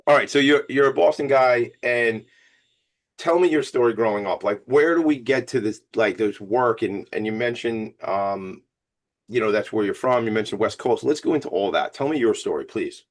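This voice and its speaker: A man with a Long Island New York accent, hosting an interview in an energetic, rambling, playful way. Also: medium pitch, moderate pace. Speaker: podcast host. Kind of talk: casual interview chat.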